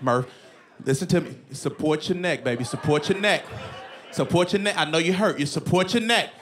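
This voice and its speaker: A stand-up comedian voicing a panicked male high school football coach who pleads and repeats himself. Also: moderate pace, a bit bright, a little hiss or hum, lightly acted. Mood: frantic pleading.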